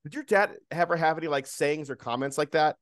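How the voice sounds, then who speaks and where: A man's voice: a little high, brisk, no echo, studio quality. A man co-hosting a casual podcast chat, rambling and teasing with many restarts. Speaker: podcast co-host.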